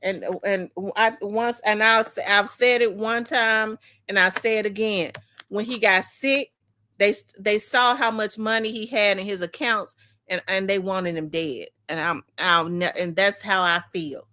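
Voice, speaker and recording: A woman's voice: mid-range voice, a little slow. A woman talk show host casually telling a personal family story, acting out her relatives' voices with frank, emotional delivery. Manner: animated, acts out family members' voices.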